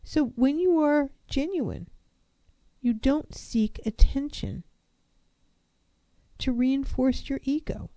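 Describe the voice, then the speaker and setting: A woman's voice: high-pitched, slow, pauses often, warm tone, dry recording. A woman counselor giving an earnest, reflective self-help talk, posing one rhetorical question after another.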